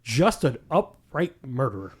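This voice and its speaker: Speaking a little slowly, a podcast host with a husky mid-range voice tells stories in casual conversation. His telling is animated and heavy on swearing, with quotes acted out.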